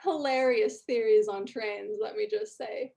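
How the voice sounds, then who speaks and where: A woman's voice: mid-range voice, unhurried, vocal fry, warm tone. A woman voicing a pompous, nerdy male dwarf train enthusiast who speaks grandly and condescendingly in a tabletop game. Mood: mocking.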